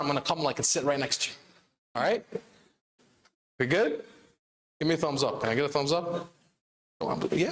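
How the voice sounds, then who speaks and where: Animated man preaching in an echoey hall. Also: high-pitched. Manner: animated, calls on the audience with repeated questions. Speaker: speaker at a religious celebration. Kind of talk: interactive sermon. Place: large hall of an Islamic center.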